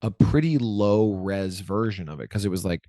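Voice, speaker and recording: A man's voice: on the low side, moderate pace, warm tone, no echo, studio quality. A man in his forties chatting as an interview guest, rambling and correcting himself with lots of likes. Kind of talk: casual interview chat.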